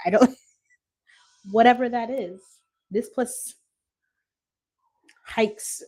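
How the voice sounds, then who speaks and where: A woman's voice: fairly low pitch, unhurried, pauses often, darkish tone. Chatty woman streaming live from home. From Washington State, USA. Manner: chatty, reads out viewer comments, laughs often. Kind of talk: casual live-stream chat. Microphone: phone.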